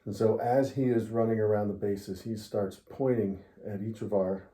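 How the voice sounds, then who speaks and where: A man's voice: on the low side, steady tone, normal speed, dark tone. A middle-aged man telling a long baseball story in a casual interview, laughing often as he goes. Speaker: interviewee, father of the host. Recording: roomy echo.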